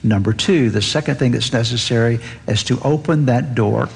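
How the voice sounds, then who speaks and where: A man delivers an earnest sermon from the pulpit, his voice at an ordinary middle pitch. He lifts it higher when he reads scripture aloud. A long hall reverb trails every phrase, as if he is in a church sanctuary. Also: moderate pace, creaky, husky. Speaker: pastor.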